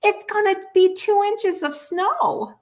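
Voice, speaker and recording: Lady putting on a sweet old granny voice, high and soft, folksy and polite. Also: slow pace. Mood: chatty. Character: sweet frail elderly woman, grateful and chatty.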